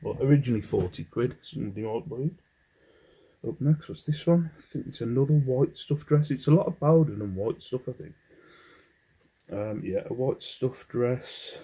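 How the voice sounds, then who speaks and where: An English clothing reseller rambles through a casual haul vlog, humming to himself between items as he sorts his finds. His mid-range voice is mellow with a breathy edge at normal speed, on a low-quality recording.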